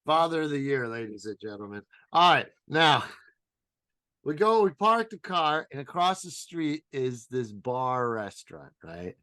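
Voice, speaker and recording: Man, podcast co-host, animated storyteller, swears a lot, dry close mic. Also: measured pace, no echo. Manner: animated, swears freely, acts out quotes in a loud high voice. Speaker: stand-up comedian. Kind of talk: casual storytelling chat.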